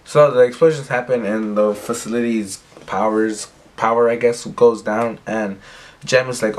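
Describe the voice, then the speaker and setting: A man's voice: mid-range voice, steady tone, normal speed. A young man giving a casual recap, rambling and full of fillers. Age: young adult. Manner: rambling, filler-heavy retelling. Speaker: recap vlogger.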